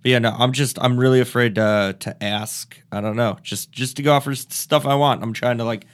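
A man's voice: mid-range voice, fairly even intonation, brisk. Rambling self-deprecating comedian man. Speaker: comedian guest. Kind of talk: casual chat.

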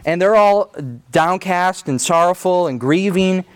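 A male pastor delivers a sermon in an easy, conversational manner. His voice sits on the higher side for a man, and he often restarts his phrases as he works through his thoughts. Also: unhurried, smooth.

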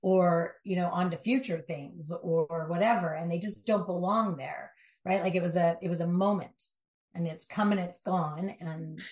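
A middle-aged woman from Southern California, a life coach speaking as an interview guest, emphatic and animated, with quick asides. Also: lowish voice, reverberant. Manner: animated, emphatic storytelling with asides and mock voices. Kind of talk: conversational interview.

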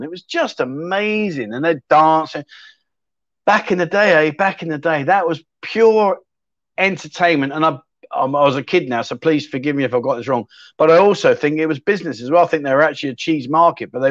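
A middle-aged man runs a livestream in a slightly high voice. He rambles in a friendly way and picks up viewers' comments as they come in. The sound is dry and slightly dull. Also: no echo. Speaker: livestream host. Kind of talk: casual livestream chat.

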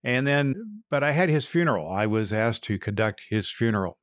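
A man's voice: mid-range voice, moderate pace, no room sound, studio quality. A man in his sixties, a retired pastor, hosts a podcast and talks in an earnest, storytelling way with frequent restarts. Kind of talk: casual podcast monologue.

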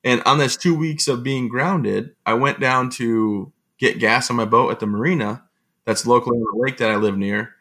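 Bright-voiced man telling stories. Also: mid-range voice, normal speed. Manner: lively, self-mocking, often laughing and acting out quotes. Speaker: guest, motivational speaker. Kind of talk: casual anecdotal storytelling.

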